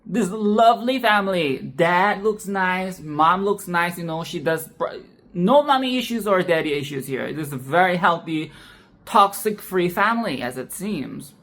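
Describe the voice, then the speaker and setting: A sassy, foul-mouthed film commentator talking off the cuff. The speech rambles and restarts, with frequent laughs, and keeps tagging lines with "okay?". The pitch sits in a middle range. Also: animated, normal speed, a bit bright. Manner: sassy, profane, tags "okay?" onto lines. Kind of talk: casual film commentary monologue.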